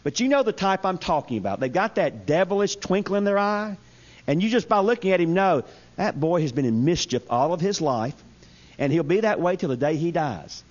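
Folksy preacher telling stories. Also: male voice, a little high, fairly quick. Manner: storytelling, folksy, animated. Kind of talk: humorous sermon. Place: church service. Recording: dull lo-fi sound.

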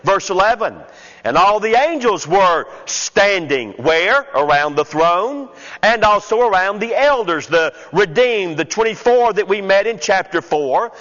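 Male preacher, sermon, deliberate counted points, long hall echo, muffled sound. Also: high voice, very animated, fairly bright tone.

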